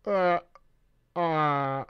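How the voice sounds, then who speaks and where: A man's voice: on the high side, extremely slow, smooth, lo-fi sound. A man reading a story aloud to his viewers as a streamer, breaking off to swear, laugh and crack jokes to the boys.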